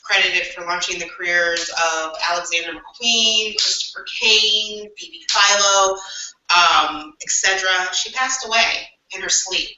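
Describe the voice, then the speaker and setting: A woman's voice: mid-range voice, a little slow, sharp tone, dull audio, slight background noise. A woman co-hosting a podcast over a video call, relaying news with lots of filler ums. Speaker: podcast co-host. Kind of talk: casual podcast chat. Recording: roomy, distant video-call audio.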